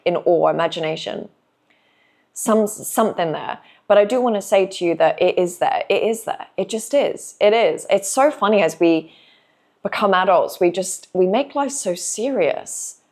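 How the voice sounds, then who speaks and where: A woman giving a spiritual message to her viewers in an earnest, reflective manner, slowing down and drawing out phrases. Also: mid-range voice. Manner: soft, earnest, reflective, with slow drawn-out phrases. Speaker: intuitive reader and channel host.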